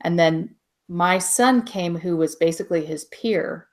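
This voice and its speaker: Woman panelist, low-pitched, casual anecdotal podcast chat. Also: measured pace. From Texas, USA.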